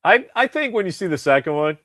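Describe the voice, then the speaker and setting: A man's voice: high-pitched, very animated, fast, fairly bright tone, no echo, studio quality. A man co-hosting a podcast, chatting casually and rambling with restarts and swearing. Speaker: podcast co-host. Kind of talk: casual chat.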